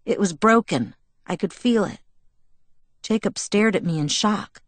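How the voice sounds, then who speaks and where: A woman narrating a first-person novel as an audiobook, measured and expressive. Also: medium pitch, dry recording.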